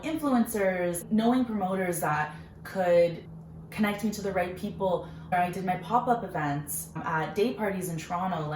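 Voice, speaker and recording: A young woman with a lowish voice tells her own story in a chatty, earnest way, full of fillers. Her voice rings in a roomy space, with a faint hiss of noise behind it. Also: darkish tone. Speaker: vlogger, small business owner. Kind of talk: casual personal storytelling.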